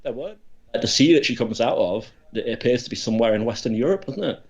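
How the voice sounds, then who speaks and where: A man co-hosting a comedy podcast, rambling in halting deadpan with many restarts. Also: mid-range voice. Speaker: podcast co-host. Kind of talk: absurdist comedy chat. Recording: dull lo-fi podcast audio.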